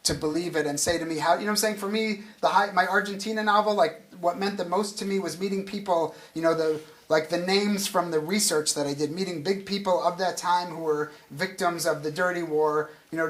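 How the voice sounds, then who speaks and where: On the high side and steady in tone, the voice of this American author moves fairly quickly. Interviewed onstage at a literary event, he talks loosely, starts sentences over, and keeps chuckling.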